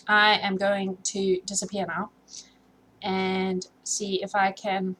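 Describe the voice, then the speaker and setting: Female reader-host, relaxed casual outro, slow and unhurried, filler pauses. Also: medium pitch, a little hiss or hum, low-quality recording. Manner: easygoing, with frequent filler pauses. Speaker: host reading a novel aloud. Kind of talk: casual sign-off chat.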